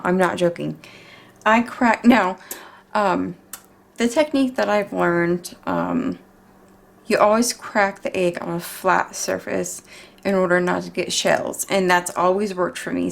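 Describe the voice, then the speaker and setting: A woman's voice: fairly low pitch, vocal fry. Woman, home baking vlogger, casual cooking chat, chatty, profane, exclamatory, kitchen.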